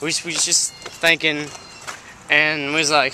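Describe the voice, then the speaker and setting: A man's voice: a little high, little pitch movement, a little slow, background noise. A man telling a rambling, improvised story outdoors, full of "like" fillers and repeated words.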